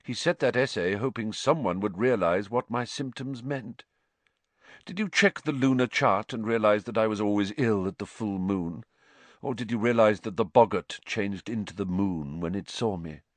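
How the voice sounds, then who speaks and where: A man reading a calm, weary teacher. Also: fairly low pitch, no room sound, natural voice. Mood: cool. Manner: measured and cool.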